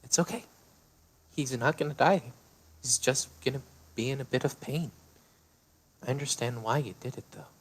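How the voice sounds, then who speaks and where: A man's voice: medium pitch, normal speed, pauses often, breathy edge, pitched above the performer's own voice. A man voicing a young, protective son who speaks in a firm, reassuring way.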